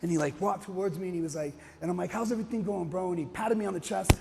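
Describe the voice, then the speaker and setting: A man speaks rapid-fire as he tells a rambling personal story, full of restarts and laughter. His voice sits high with gravelly grit, carrying a long hall reverb over background noise, and his delivery is animated.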